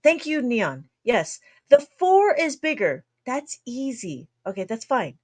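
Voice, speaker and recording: A woman's voice: fairly high pitch, huge pitch swings. Chatty woman teaching abacus math. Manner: chatty, laughs often, talks fast, tries to slow down. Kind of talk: livestream math lesson.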